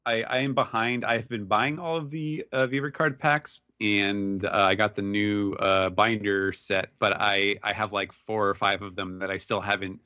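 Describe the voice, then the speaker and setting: A man's voice: fairly low pitch, little pitch movement, moderate pace, few pauses, pushed and bright, clean tone, dry recording. A man co-hosting a casual podcast, easygoing with rambling asides. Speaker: podcast co-host. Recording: dry, dull lo-fi mic.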